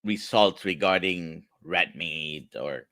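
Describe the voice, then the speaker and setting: A man with a Spanish accent hosts a livestream interview, his voice very deep and the delivery slow and halting. He often repeats a word before going on. The sound is bright and dry. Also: no room sound. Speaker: host.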